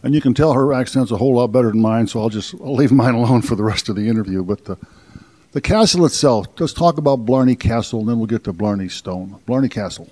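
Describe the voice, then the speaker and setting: Guy hosting a garden radio show, warm mellow voice, jokey and folksy. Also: mid-range voice, quick pace. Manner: folksy, jokey, self-deprecating. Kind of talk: radio interview and presenting. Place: outdoor castle gardens.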